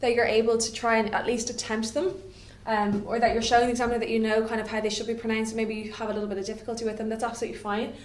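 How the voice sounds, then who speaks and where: A woman's voice: on the high side, little pitch movement, rapid-fire, few pauses. A woman, giving a chatty classroom lecture as a French teacher and checking in with "okay?" often. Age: 20s. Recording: echoey room, voice from a distance.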